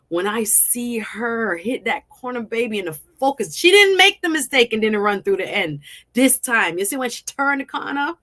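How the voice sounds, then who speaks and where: Woman, Jamaican accent, lively sports vlogger, bright tone, bursts into shouts and laughs. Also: medium pitch. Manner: animated, laughing, shouts in excitement. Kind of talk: excited casual commentary.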